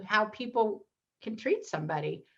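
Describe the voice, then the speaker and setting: Woman guest, mid pitch, lively storyteller who does the voices of people in her anecdotes; muffled lo-fi audio. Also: normal speed, gravelly. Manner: animated storyteller, acts out quoted voices. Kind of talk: casual interview storytelling.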